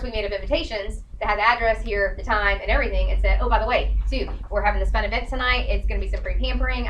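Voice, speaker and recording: A bubbly woman speaks quickly in a bright, high-set voice. She is a sales director giving a lively talk to a group and acting out the conversations she has had. The mic is set some way off in a room with a faint background hum. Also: far from the mic, rough recording. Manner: bubbly storyteller acting out dialogue.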